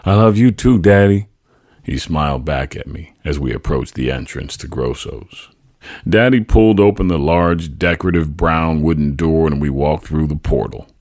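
Male memoir narrator; very low, husky, dry and close. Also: normal speed, darkish tone, no echo. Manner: tender, reflective storytelling. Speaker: podcast host. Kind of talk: memoir reading.

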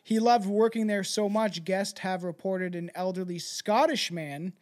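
Podcast host, casual chat, animated, profane, mid-pitched voice. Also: measured pace. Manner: animated, profane, jumps between voices and asides.

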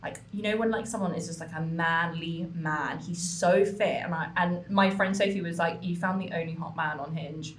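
A young woman co-hosting a podcast, telling a story in an animated way, with lots of swearing and fillers. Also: on the low side, moderate pace, few pauses, reverberant, a little hiss or hum. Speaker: podcast co-host. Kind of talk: casual chat.

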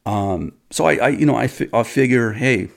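A man's voice: mid-range voice, animated, moderate pace, creaky. A man telling a personal story to his viewers in a rambling, casual way, with many restarts and occasional swearing.

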